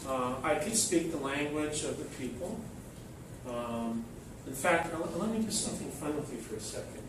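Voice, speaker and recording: An older man giving an unhurried, anecdotal talk to an audience, with many fillers, recorded from afar in a large echoey hall. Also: fairly high pitch, lively intonation, recorded from a distance, noisy background. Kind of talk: public talk. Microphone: microphone, then unamplified.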